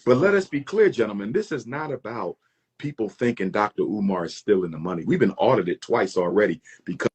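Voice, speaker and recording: A man's voice: fairly low pitch, animated, fairly quick, a little mellow, husky. A man addressing an audience in a played clip, emphatic and aggrieved.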